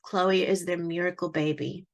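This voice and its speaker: Woman in her 40s telling a story from her own life, lively, acts out what people said, lowish voice. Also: moderate pace. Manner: animated, acts out quoted dialogue. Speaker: author. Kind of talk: personal storytelling talk.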